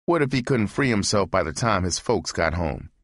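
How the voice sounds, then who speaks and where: Guy w a deep voice doing a steady audiobook read, super dry recording. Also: normal speed, no echo. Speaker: narrator. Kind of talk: audiobook reading.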